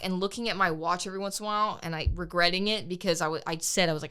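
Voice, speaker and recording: A woman's voice: lowish voice, rapid-fire, few pauses, a bit bright, clear, resonant tone. A young woman co-hosting a podcast, telling a race story casually, acting out her own quotes and swearing freely. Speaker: podcast co-host. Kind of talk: casual chat.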